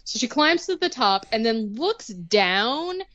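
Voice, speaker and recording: A woman's voice: on the high side, very animated, slow, fairly bright tone, no echo, muffled recording. A young woman casually recapping a movie on a podcast, sarcastic and rambling, full of "like" and the odd swear word.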